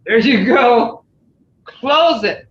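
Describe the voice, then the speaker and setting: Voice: medium pitch, lively intonation, extremely slow, a bit bright. A language teacher leading an online class, patiently repeating example phrases over and over. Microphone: video call. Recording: echoey, dull video-call audio.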